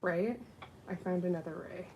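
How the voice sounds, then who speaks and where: A woman's voice: on the low side, normal speed, a little hiss or hum, poor audio. A woman doing nails and chatting casually on a livestream while she works. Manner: chatty, with lively quoted voices. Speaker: nail technician.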